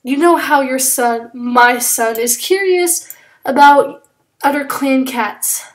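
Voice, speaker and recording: Girl reading lines for a prickly resentful tom cat, short and snippy, highish voice. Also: slow. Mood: curt. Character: proud, resentful male cat leader.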